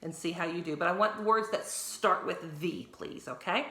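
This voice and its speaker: Woman teacher, a slightly low but bright voice, clear and patient with small children. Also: reverberant. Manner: slow, clear spelling out of letters for young learners. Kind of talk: recorded reading lesson for children.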